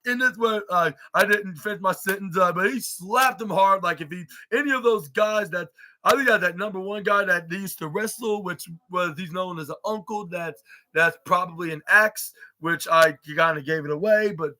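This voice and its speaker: A man's voice: high-pitched, normal speed, pushed and bright. A man hosting a podcast, recapping wrestling in a rambling casual way, full of "like" and "uh" and restarted sentences. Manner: rambling, heavy on "like" and "uh". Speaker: podcast host.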